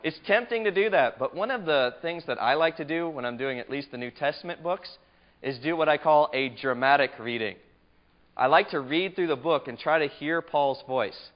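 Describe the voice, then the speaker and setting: A man's voice: a little high, moderate pace. Emphatic male Bible study teacher. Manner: conversational, questions the class, emphatic. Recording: muffled lo-fi lecture recording.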